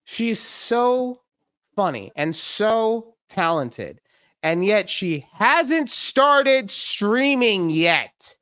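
A woman's voice: medium pitch, sing-song, drawn-out words, fairly bright tone, dry recording, clean studio sound. A young adult woman hosting a podcast, frank and teasing, swearing freely as she talks. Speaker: podcast host. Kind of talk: casual podcast chat.

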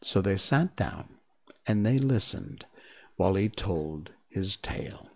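A man narrating a storybook in a calm, measured way. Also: deep voice.

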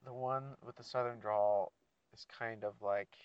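Slow-talking, swearing man ranting. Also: lowish voice, fairly even intonation, smooth, no room sound. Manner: rambling, frequent swearing. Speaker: seasonal mall Santa photo worker. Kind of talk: casual profane rant to listeners. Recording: dull, dry lo-fi recording.

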